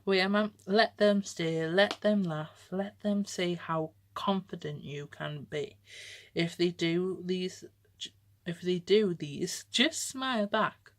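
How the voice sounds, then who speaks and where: A young woman with a fairly low voice reads aloud an old letter she once wrote to herself. She keeps breaking off to comment and laughs often, her tone casual and reflective.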